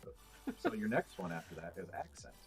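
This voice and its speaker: A man's voice: low-pitched, sing-song, normal speed, faint music behind. A man in casual podcast chat, explaining things at length with many fillers and restarts. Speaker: podcast guest.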